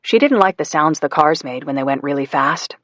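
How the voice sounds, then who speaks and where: A man narrating a psychological thriller audiobook in a measured storytelling manner, voicing the characters as he goes. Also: fairly high pitch, animated, fairly bright tone, dry recording. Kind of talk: scripted narration.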